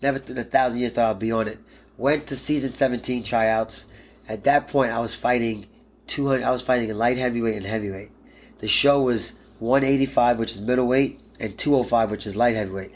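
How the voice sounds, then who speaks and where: A man in his thirties, a pro fighter guest in an interview, telling a story bluntly and animatedly and swearing freely. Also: lowish voice.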